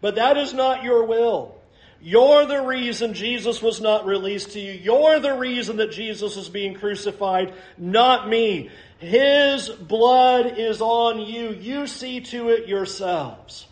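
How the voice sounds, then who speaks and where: A preacher putting on an exasperated Roman governor. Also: male voice, very high voice, expressive, normal speed, a little mellow, pitched above the performer's own voice. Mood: defensive. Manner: incredulous, questioning, pleading. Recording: roomy echo.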